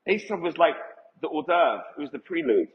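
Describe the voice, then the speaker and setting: A man's voice: a little high, lively intonation, a little fast. A male rabbi giving an emphatic Torah lecture to a live audience and putting questions to them. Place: event hall with audience. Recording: echoey hall, dull lo-fi sound.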